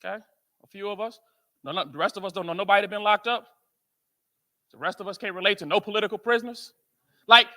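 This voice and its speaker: An American man speaking at a men's conference, telling stories to a live audience in an animated, joking way and asking the crowd questions. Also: very high voice. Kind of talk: storytelling talk to a live audience.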